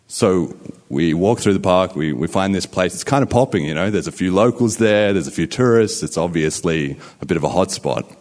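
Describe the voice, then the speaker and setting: A man's voice: sits low, animated, normal speed, darkish tone. A man hosting a conference on stage, telling a story to a live audience in a casual, upbeat way. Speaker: conference host and emcee.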